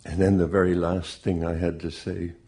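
A man with a very low, gravelly voice and a dark, husky tone tells his story. He speaks slowly, earnest and measured, like a grieving father giving testimony. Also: little pitch movement. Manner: slow, measured, deeply earnest.

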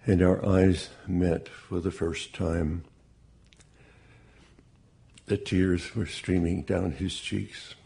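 A grieving father seems to be giving testimony here: a man whose voice is very low, gravelly, dark and husky. He keeps a level tone and speaks in a slow, measured, deeply earnest way as he recounts his story.

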